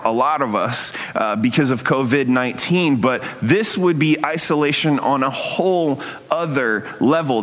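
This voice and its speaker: Slow-talking man preaching in a reverberant hall. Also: mid-range voice, fairly bright tone. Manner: conversational, frequent "right?" asides. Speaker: pastor. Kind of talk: sermon.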